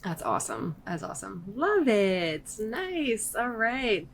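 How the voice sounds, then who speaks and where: A woman's voice: medium pitch, sing-song, slow, a little hiss or hum. A woman co-hosting a podcast in casual, enthusiastic chat. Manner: enthusiastic, upbeat. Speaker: podcast co-host.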